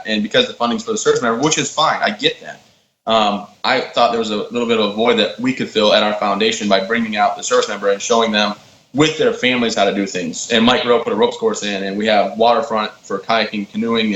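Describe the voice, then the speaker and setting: A man in his thirties, a podcast guest, telling stories in a casual, animated way and acting out the quotes. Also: fairly low pitch, a little hiss or hum. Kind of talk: casual storytelling. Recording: roomy, slightly dull sound with faint ambience.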